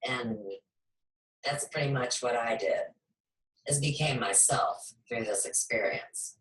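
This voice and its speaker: A woman hosting a spiritual talk show, speaking in a slow, measured, reflective way. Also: extremely low pitch. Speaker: host. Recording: echoey room, far from mic.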